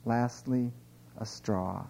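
A middle-aged man reading his own short stories aloud, relaxed and chatty between passages. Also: medium pitch, slow pace, creaky, background noise. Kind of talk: informal live reading of short fiction.

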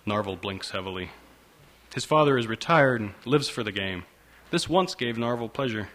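A man's voice: lowish voice, brisk, fairly bright tone. A man reading a story aloud in a dry, wry narration style. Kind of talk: scripted audiobook narration.

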